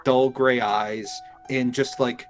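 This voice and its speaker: A man's voice: medium pitch, steady tone, takes it slowly. Man, game master, narrates loosely with lots of fillers, faint music behind. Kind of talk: narrating a tabletop game live.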